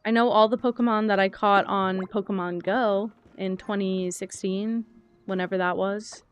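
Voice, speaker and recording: A woman's voice: mid-range voice, steady tone, normal speed, soft background music. A young woman chatting casually while streaming a cozy game, rambling, thinking aloud and answering chat.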